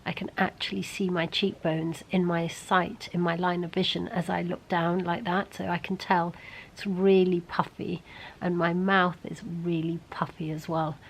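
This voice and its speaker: A middle-aged woman vlogging casually to camera while ill and congested, hoarse and tired, often talking half-whispered. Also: on the low side, level tone, moderate pace, hardly any pauses, a little hiss or hum, low-quality recording. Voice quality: gravelly. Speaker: beauty vlogger. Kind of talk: casual vlog chat to camera.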